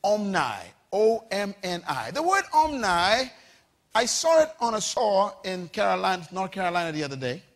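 A man preaching a sermon to a congregation, with call-and-response lines, shouting and rising to big peaks. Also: high-pitched, big pitch swings, moderate pace. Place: church with congregation.

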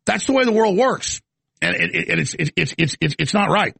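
A man's voice: sits high, expressive, brisk, creaky, sharp tone, breathy edge, no echo. A man hosting a live talk show, ranting with stammering restarts into a studio mic.

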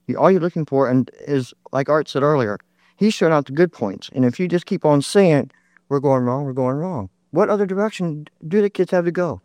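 A man's voice: on the high side, fairly quick, darkish tone, no room sound. Man, 30s, audience member, heated and insistent, dry close sound. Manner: impassioned, argumentative, repeats points. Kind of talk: heated public debate comment.

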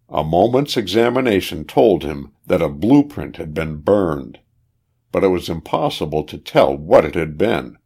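A man reading a spy story aloud in a measured, dramatic way. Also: very deep voice, a little mellow. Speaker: narrator.

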